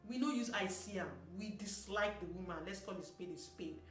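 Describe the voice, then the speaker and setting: A Nigerian woman giving sassy, animated opinion commentary as a vlogger, slipping into Pidgin. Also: medium pitch, brisk. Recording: roomy echo, mic at a distance, soft music.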